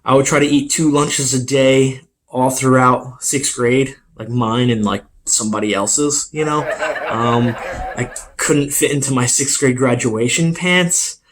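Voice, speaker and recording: A man's voice: medium pitch, measured pace. A young man doing a self-deprecating stand-up comedy set, with many fillers. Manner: rambling, filler-heavy, self-deprecating delivery.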